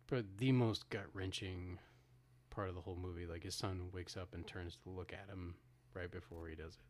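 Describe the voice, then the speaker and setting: A man with a very low voice co-hosts a podcast. He retells a film's ending in casual talk, restarting his sentences and acting out the characters' lines. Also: fairly even intonation, normal speed. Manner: retells scenes with acted-out quotes, frequent restarts. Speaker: podcast co-host. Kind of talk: casual film discussion.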